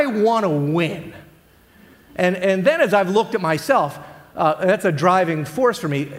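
A man with a high voice delivers a sermon as a pastor. His preaching is earnest and conversational, full of rhetorical questions put to the congregation. His voice rings out with the long reverb of a large church hall.

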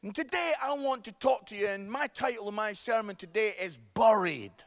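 A middle-aged man with a Scottish accent preaches to his congregation in a very high voice. He is lively and playful, teasing the room and checking in with a quick "yeah?" between points. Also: soft background music. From Scotland. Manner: lively, jokey with the congregation, tag questions like "yeah?". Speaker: pastor. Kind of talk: sermon.

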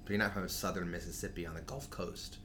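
A man's voice: sits low, steady tone, quick pace, a bit bright, a little hiss or hum. A man co-hosting a podcast in a loose, chatty way, laughing often. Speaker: podcast co-host. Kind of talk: casual chat.

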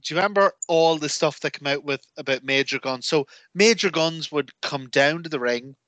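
A man co-hosting a casual podcast, telling stories with lots of energy and acting out the voices in them. His voice sits a little high and sounds bright and forceful, recorded dry and close. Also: normal speed, dry recording. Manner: animated storyteller who acts out quotes. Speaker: podcast co-host. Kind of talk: casual chat.

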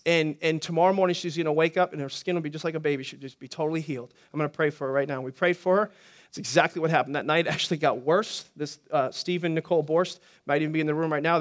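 Middle-aged male pastor, high voice, chatty sermon delivery with quick jokes and restarts. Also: a bit bright. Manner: conversational, joking asides, frequent restarts.

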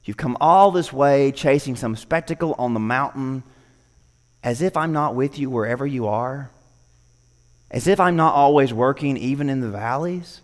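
A preacher lowering his voice as a calm, chiding God. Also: normal speed, long reverb tail, close to an everyday voice. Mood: gently chiding. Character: patient reassuring voice of God.

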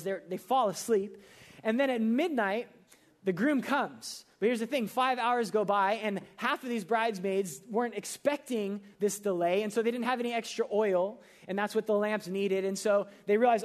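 A young man preaching a sermon in a casual, conversational way, full of fillers and quick acted asides. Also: high voice. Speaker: pastor.

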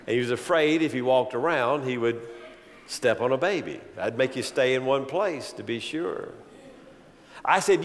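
Male pastor, sermon delivery, dynamic preaching with loud build-ups and hushed asides, long church reverb. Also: medium pitch, animated, normal speed.

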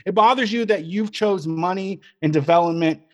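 A man co-hosting a casual livestream talk show, sardonic and animated. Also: high voice, normal speed. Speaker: podcast co-host.

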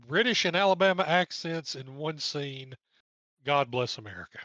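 Recapping an old race on a podcast he co-hosts, a man with an East Tennessee accent keeps things chatty and wry, tossing in jokes between the driver lists. His fairly high, slightly bright voice has lively intonation at normal speed, and the audio is dull with no echo.

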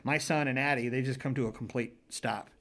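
A man's voice: mid-range voice, steady tone, fairly quick, a bit bright. A man in his forties, a paranormal investigator, telling a rambling, earnest story in a casual interview, restarting his sentences as he goes.

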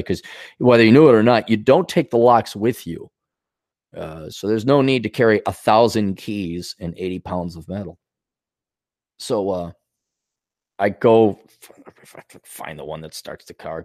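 A man's voice: lowish voice, no echo, studio quality. A man hosting a podcast, telling casual stories with frequent swearing and joking. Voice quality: profane, swears freely. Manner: animated, jokes and acts out voices of others. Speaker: podcast host. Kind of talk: casual storytelling monologue.

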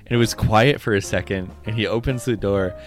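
A man co-hosting a podcast in casual chat, excitable, swearing and laughing as he tells stories. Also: lowish voice, brisk, faint music behind. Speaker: podcast co-host.

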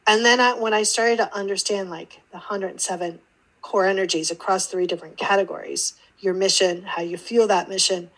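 This woman speaks at a medium pitch and a fairly quick pace on a rough recording. She's a guest on an interview podcast, an intuitive teacher telling her story casually and animatedly, acting out the quoted dialogue in different voices.

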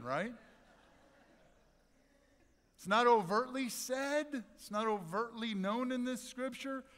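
A man preaching a sermon as pastor, animated and conversational, with dramatic pauses. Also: sits high, long reverb tail. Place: church sanctuary.

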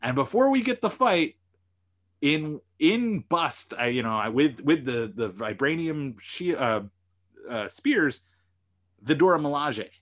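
A man's voice: on the high side, very animated, unhurried, fairly bright tone. A man hosting a podcast and recapping a TV episode, retelling scenes animatedly and quoting the characters' lines. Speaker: podcast host and lawyer.

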